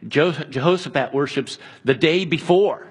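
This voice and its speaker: A man preaching a sermon in an earnest, conversational way, dropping soft and slow at times. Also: fairly high pitch, slightly rough. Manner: earnest, conversational preaching with restarts and quiet, slowed passages. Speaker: pastor.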